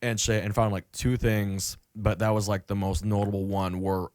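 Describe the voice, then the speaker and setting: Young male podcast host, low, dry close-mic sound, loose and profane. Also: little pitch movement, normal speed, a little mellow, dry recording. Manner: profane, rambling storyteller, lots of fillers. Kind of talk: casual chat.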